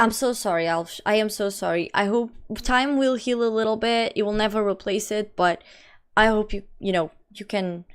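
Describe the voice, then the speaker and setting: A woman's voice: mid-range voice, clean tone. A young woman live streamer chatting casually with her viewers. She reads their messages aloud in a slangy, talkative way.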